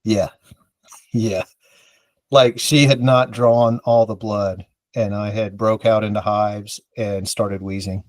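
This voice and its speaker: A man's voice: on the low side, fairly even intonation, slow, no echo. A man from the American South, a podcast co-host, telling a rambling, self-mocking story in casual chat and acting out the dialogue.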